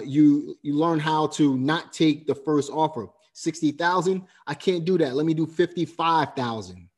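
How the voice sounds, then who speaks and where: A man's voice: a little high, a little mellow. A man hosting an interview, recapping the guest's points like a teacher and often tagging "right?". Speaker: host. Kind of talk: interview commentary.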